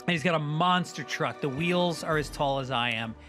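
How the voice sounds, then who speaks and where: A man's voice: on the high side, normal speed, faint music behind. A middle-aged man from New York, a comedian guest telling a funny story and acting out the people in it. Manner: animated, acts out the other people in the story. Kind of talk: comic storytelling.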